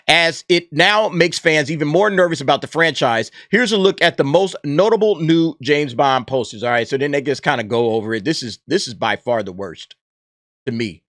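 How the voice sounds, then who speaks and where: A fed-up man riffs through casual reaction commentary, mocking what he reads aloud. His voice sits a little high and sounds bright and forward. The recording is close and dry, with no room sound around him. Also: no echo. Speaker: YouTube commentator.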